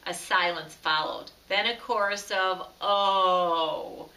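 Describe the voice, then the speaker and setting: A woman reading a children's story aloud in a slow, expressive way, recorded from a distance in an echoey room. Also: a little high. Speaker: storybook reader. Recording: echoey room, far from mic.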